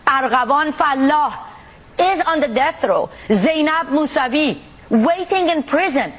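A woman's voice: high-pitched, expressive, a little slow. A woman from the Middle East, an activist guest speaking indignantly in a televised interview. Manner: indignant, forceful, pointed.

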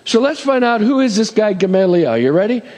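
A man's voice: sits high, sing-song, a little fast, darkish tone, long reverb tail. A man preaching a sermon as pastor, talking conversationally with asides and checking in with "amen?".

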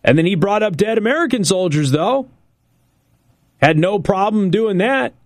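In a high, animated voice, a political talk radio host delivers a sarcastic, emphatic monologue, going back over his points slowly for effect. The recording is dry and of studio quality.

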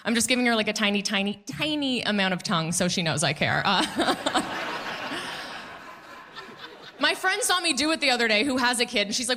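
A woman in her thirties doing a stand-up comedy set on a club stage, animated and jokey, acting out the voices of people in her stories. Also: a little high, fairly quick, pauses often, slight background noise.

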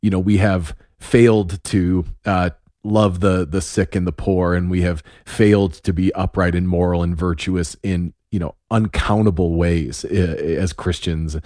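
Thoughtful host with a very deep voice. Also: male voice, steady tone, a little slow, a little mellow, no room sound, studio quality. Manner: thoughtful, asks searching follow-up questions. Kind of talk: casual conversation.

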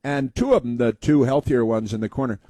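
A man's voice: medium pitch, fairly quick, mellow, no echo. A man hosting a talk radio show, telling a rambling story in a folksy way with many fillers and restarts. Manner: folksy storytelling, acting out quoted voices.

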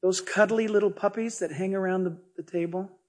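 A man speaking the words of Jesus in a measured, gentle way, close to his own voice. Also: high-pitched, fairly even intonation, lightly acted. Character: Jesus, calm male teacher.

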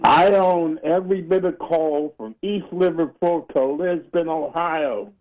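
A man's voice: a little high, steady tone, measured pace, dull audio, natural voice. A man calling in to a radio show and posing as a boastful man who owns all the coal around. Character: caller posing as a boastful male coal baron. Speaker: caller.

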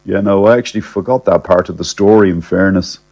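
A man narrating a comic first-person story in a wry, deadpan, chatty way. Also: deep voice, fairly quick, muffled recording.

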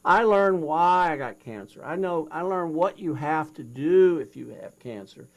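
A man's voice: fairly high pitch, measured pace. An older man, a guest in an interview, retelling his past with feeling and acting out both sides of a conversation. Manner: animated retelling, acts out both sides of a dialogue. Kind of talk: storytelling interview.

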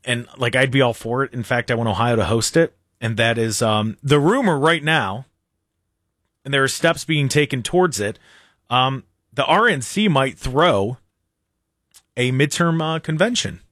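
Speaking at a moderate pace in a mid-range voice, a man runs a casual political talk radio show. He's animated and keeps restarting and repeating his sentences, captured in dry, studio-quality sound.

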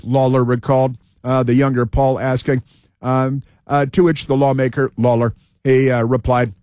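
A man's voice: medium pitch, steady tone, normal speed, a little mellow, no echo, clean studio sound. A man hosting political commentary, reading news aloud with sarcastic asides, fillers and restarts.

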